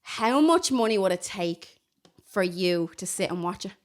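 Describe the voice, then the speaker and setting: A woman's voice: mid-range voice, animated, a little slow. A young Irish woman co-hosting a podcast, teasing her guest with blunt questions and swearing. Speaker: podcast co-host. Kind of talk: casual tipsy chat.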